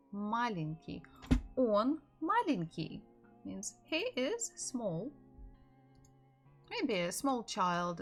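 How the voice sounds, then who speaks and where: A native Russian-speaking woman with a creaky, mid-range voice teaches a live language lesson. She slowly repeats words for learners to echo and laughs lightly between explanations.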